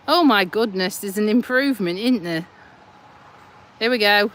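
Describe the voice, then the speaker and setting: Holding her phone as she walks a roadside path, an English vlogger keeps up casual live-stream chatter, laughing and teasing her viewers frequently while a little short of breath. Her voice is medium-pitched and fairly bright, at a moderate pace, with passing traffic behind her.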